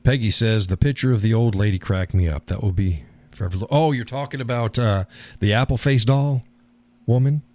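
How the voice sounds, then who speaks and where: A man's voice: lowish voice, brisk, darkish tone. A man hosting a live stream, talking casually and rambling, chuckling at his own remarks.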